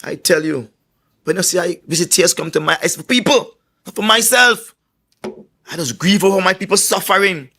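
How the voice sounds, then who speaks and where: A Trinidad and Tobago–accented man fires up a crowd at a political rally. His voice sits high and rings bright as he spins boastful stories about himself. He trips and repeats himself now and then, then pushes on. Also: normal speed, slightly rough. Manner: boastful, forceful storyteller. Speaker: political candidate.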